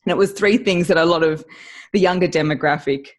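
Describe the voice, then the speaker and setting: An Australian woman, a voice coach, chatting as an interview guest and telling her story in an animated way with frequent laughs. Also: fairly low pitch, fairly quick. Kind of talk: casual interview chat.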